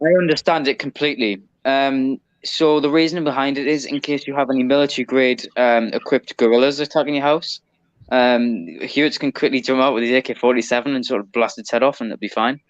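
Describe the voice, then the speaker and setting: A man's voice: medium pitch, fairly even intonation, a little fast, dry recording. Sunderland man with dry teasing humor. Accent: Sunderland, northeast England. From northeast England. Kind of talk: casual chat. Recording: dull, dry, lo-fi sound.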